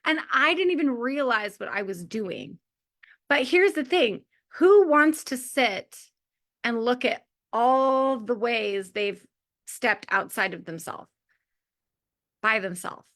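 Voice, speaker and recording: A woman's voice: on the high side, expressive, takes it slowly, a bit bright. A woman in her forties giving a heartfelt motivational talk to a community of mothers, chatty and full of "like" and small laughs. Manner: chatty, lots of filler "like", laughs often.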